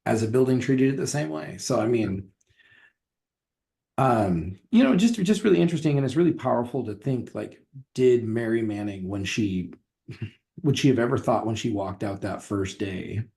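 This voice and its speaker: A man's voice: medium pitch, expressive, normal speed, vocal fry, dark tone. A man who teaches history, co-hosting a casual podcast and rambling with restarts and fillers.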